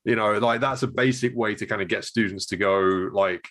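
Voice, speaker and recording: A man's voice: fairly low pitch, fairly even intonation, normal speed, fairly bright tone. A man who runs a martial arts gym, thinking aloud in casual chat with many fillers and restarts. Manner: reflective, hesitant, many fillers.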